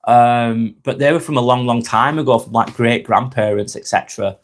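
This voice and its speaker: With a steady tone and moderate pace at medium pitch, an Englishman with a Lancashire accent runs a casual live stream. He answers viewers' comments, chuckles frequently and keeps calling people mate, his accent from North West England.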